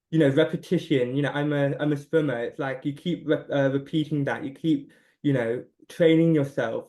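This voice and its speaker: Chatty young man, slightly high voice. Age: about 20. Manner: chatty and self-deprecating, with quick restarts. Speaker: podcast guest. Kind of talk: casual chat.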